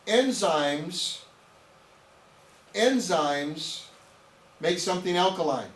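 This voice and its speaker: On the high side and at normal speed, a man leads a small group through a nutrition training, repeating himself emphatically and asking "okay?" often. A distant microphone picks him up in an echoey, audience-filled room with faint background noise.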